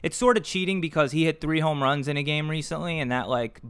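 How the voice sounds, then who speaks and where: Animated man in casual sports chat. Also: fairly high pitch, clear, resonant tone, no room sound. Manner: animated, swears, quick asides. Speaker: podcast co-host.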